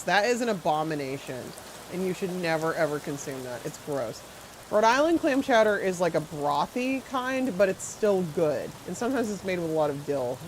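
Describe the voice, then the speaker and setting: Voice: medium pitch, slight background noise, poor audio. A game streamer in casual live-stream chat, rambling and answering viewers while playing, with firm opinions and frequent filler words.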